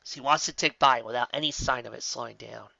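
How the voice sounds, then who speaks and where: Expressive fan fiction reader, dry lo-fi. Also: mid-range voice, brisk, creaky, no room sound. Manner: expressive, occasional slips. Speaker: audiobook reader. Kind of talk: reading fan fiction aloud.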